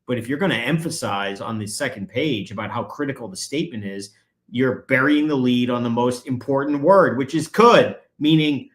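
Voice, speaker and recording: A man's voice: medium pitch, moderate pace. A man, a guest attorney, explaining legal procedure in conversation and growing emphatic when he presses a point.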